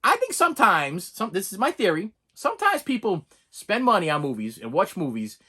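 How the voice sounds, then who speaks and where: A man with a fairly high voice ranting through a casual movie review. His pitch swings all over the place, and he trips over his own words and keeps repeating himself. He chuckles often as he talks. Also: normal speed, slightly rough. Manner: animated, rambling, repeats words, laughs often.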